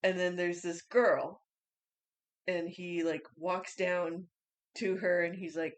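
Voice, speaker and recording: A woman's voice: lowish voice, flat delivery, slow pace. Laid-back woman recapping a movie. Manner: laid-back recapping, echoes co-host's lines. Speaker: podcast co-host. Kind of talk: casual movie discussion.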